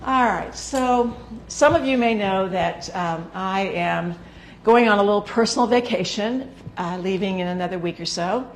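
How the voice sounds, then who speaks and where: A woman hosting a sewing show, talking casually to the camera in a hoarse, gravelly voice, chatty and rambling with filler words. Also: medium pitch, moderate pace, a little hiss or hum. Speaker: sewing instructor and show host.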